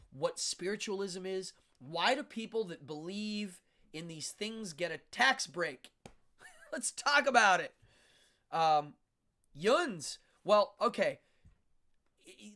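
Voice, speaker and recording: A man's voice: on the high side, sharp tone. A man from Pennsylvania, a stage magician, hosting a casual livestream and chatting with viewers in a loose, chuckling way. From Pennsylvania, USA. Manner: chatty, answers viewer comments, chuckles often.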